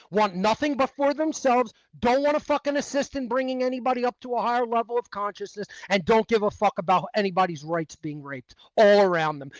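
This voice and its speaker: A man rants in a high voice, swearing and hammering his points home. The sound is dry and close, with no room around him. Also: no echo, low-quality recording. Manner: profane, emphatic ranting. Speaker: interview guest. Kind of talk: heated monologue.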